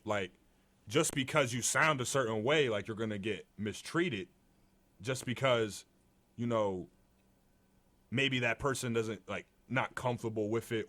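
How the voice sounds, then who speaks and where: A young man co-hosting a podcast, talking in a relaxed, conversational way with a deep voice and lots of filler words. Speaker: podcast co-host. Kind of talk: casual chat.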